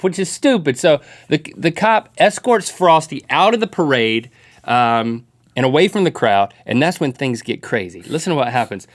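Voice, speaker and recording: A man co-hosting a studio talk show, retelling stories with deadpan quips in casual comedic banter. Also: a little high, normal speed. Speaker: co-host.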